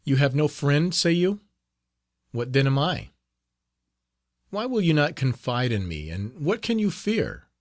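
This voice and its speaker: A man's voice: a little high, big pitch swings, a little slow, pauses often, no echo, clean studio sound, voice pushed up. A man playing an earnest, fatherly friar. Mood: tender. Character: middle-aged male friar, tender and earnest. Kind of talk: audiobook character reading.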